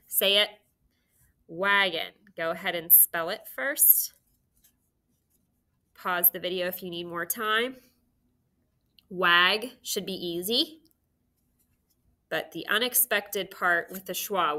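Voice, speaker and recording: A woman teaching phonics to young children, speaking at an unhurried, deliberate pace. Her voice is bright and sharp, and she talks with clear, encouraging instruction. Her pitch sits right in the middle.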